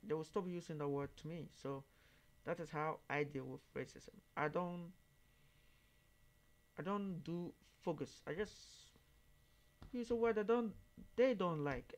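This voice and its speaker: Man, reaction host; halting, word-searching English, turns emphatic. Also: on the high side. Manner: halting, searching for words, then emphatic and raised when quoting others. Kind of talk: casual monologue commentary.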